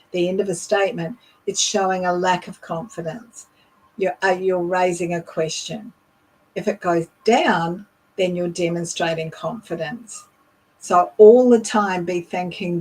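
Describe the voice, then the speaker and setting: A middle-aged woman leadership coach teaching voice techniques in a deliberate, demonstrative way. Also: lowish voice, low-quality recording. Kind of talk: instructional talk.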